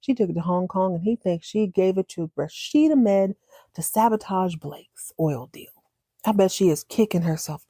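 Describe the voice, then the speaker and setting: A woman chatting casually as a podcast host, animated and acting out lines in different voices. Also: medium pitch, moderate pace, no room sound, studio quality. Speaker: podcast host recapping a TV drama. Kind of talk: casual chat.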